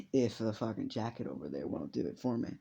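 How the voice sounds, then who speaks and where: A man's voice: lowish voice, lively intonation, brisk, creaky, warm tone, breathy edge, lo-fi sound. A man improvising a fan story aloud, rambling and swearing casually as he goes. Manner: rambling, profane, off-the-cuff.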